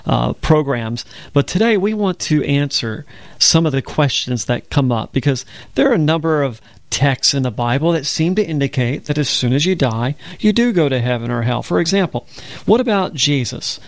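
A man's voice: on the high side, animated, normal speed, no room sound. A man co-hosting a religious radio talk program, telling stories and reading scripture in an earnest, conversational way. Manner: earnest storytelling, quotes scripture. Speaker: co-host of a Bible program.

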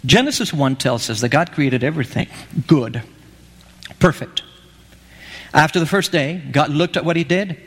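A man's voice: on the high side, lively intonation, moderate pace, pauses often, fairly bright tone, slightly rough. A man preaching a sermon in a conversational way, often asking his listeners questions. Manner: conversational, asks the audience questions. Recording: echoey hall.

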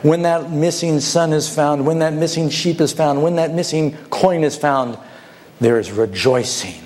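A man's voice: on the high side, measured pace, a little mellow. A man preaching a sermon, telling stories and asking the congregation rhetorical questions.

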